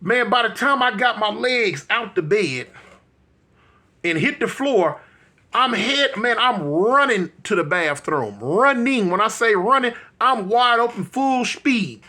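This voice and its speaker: A bright, ringing male voice telling a funny story from his own life. He is in his fifties, talks to the audience like old friends, and bursts into sound effects and exclamations as he acts out each moment. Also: sits high, lively intonation, unhurried. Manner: addresses listeners directly, colloquial. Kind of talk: comic personal storytelling.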